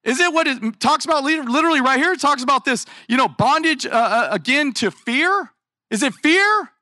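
A man preaching a sermon in an animated, conversational way, full of rhetorical questions. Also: extremely high pitch, a little fast, no echo, clean studio sound. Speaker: pastor.

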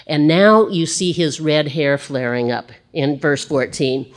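Woman Bible teacher, low voice, conversational, expressive, casual asides. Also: unhurried, hardly any pauses.

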